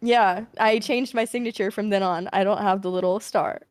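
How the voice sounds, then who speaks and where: A young woman hosting a live stream, telling a story in a casual, animated way, swearing freely. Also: medium pitch, moderate pace, smooth, no room sound. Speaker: streamer host.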